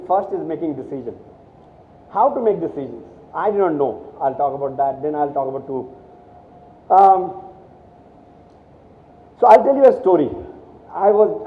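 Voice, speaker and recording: A middle-aged man from India tells stories to a room of students and acts out the dialogue as he goes. He stumbles and restarts often, and his voice sits high. The sound is thin and phone-like, and the hall echoes for a long time after each line. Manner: storytelling with quoted dialogue, many restarts. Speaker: guest speaker. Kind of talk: motivational talk to students. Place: college hall.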